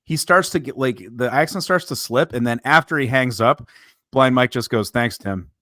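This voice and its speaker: Here a podcast co-host chats casually, telling rambling stories and self-correcting as he goes. His medium-pitched voice is fairly bright and moderately paced, and the studio-quality recording has no room sound.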